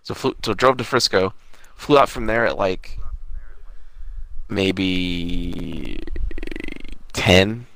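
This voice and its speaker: A man's voice: deep voice, very slow, gravelly, pauses often, fairly bright tone, rough recording. A man in casual chat, reacting with short comments and telling his own travel story.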